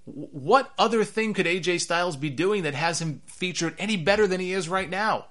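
Man, wrestling commentary, bright forceful voice, fairly high, sarcastic, animated. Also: moderate pace. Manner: animated, rises in pitch when worked up; sarcastic, repeats himself for emphasis. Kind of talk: opinionated solo commentary.

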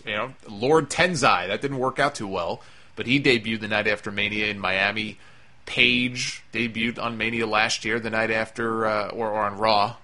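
Bright-voiced sarcastic man recapping wrestling. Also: medium pitch. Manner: sarcastic, blunt, swears freely. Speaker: wrestling podcast host. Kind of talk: opinionated show recap.

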